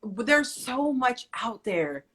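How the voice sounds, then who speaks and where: A woman with a husky, breathy voice tells lively faith stories on a live stream call. She is a mother and a vivid storyteller. She talks casually and acts out each line of dialogue. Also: a little high, slow pace. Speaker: guest, mother.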